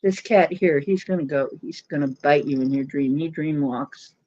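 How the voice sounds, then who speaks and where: A woman's voice: low-pitched, moderate pace, dark tone, dry recording. A woman hosting a casual late-night livestream, rambling, mocking and laughing often. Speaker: livestream host. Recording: dull lo-fi stream audio.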